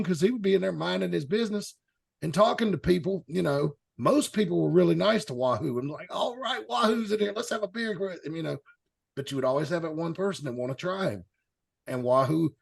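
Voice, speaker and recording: Gravelly-voiced man telling old stories. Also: fairly high pitch. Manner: rambling, anecdotal, chuckling asides. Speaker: host. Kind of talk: casual storytelling chat.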